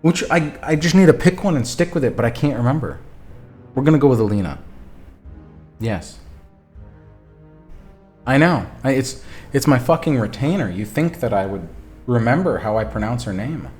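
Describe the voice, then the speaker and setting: A man streaming a text adventure, reading the story aloud and talking back to his chat, animated and quick to swear. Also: mid-range voice, soft background music. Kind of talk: reading a game aloud and chatting with viewers.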